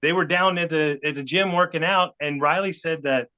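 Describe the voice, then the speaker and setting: A middle-aged man tells a story as a podcast guest, putting on the voices of the people he quotes. His voice is bright and a touch high. The recording sounds dull and lo-fi. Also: normal speed, clean tone. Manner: animated, acts out quotes of others. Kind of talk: storytelling anecdote.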